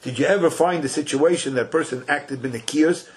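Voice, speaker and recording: A man's voice: a little high, moderate pace. Older guy giving a torah class, chatty and folksy, throws in hebrew and yiddish words. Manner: mixes Hebrew and Yiddish terms into English, conversational; animated, folksy retelling with asides. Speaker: Torah teacher.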